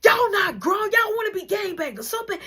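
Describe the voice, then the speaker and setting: A man voicing his middle-aged mother, loving but fierce, who scolds in a loud, high voice. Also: lively intonation, normal speed, heavily acted. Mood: scolding.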